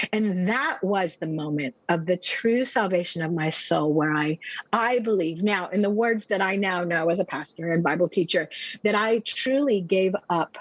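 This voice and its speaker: American woman pastor, testimony storyteller, expressive and vivid, middle pitch, dull dry recording. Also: moderate pace, dry recording. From United States. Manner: vivid and expressive, acting out her own past words with brief laughs. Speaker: podcast guest, pastor and speaker.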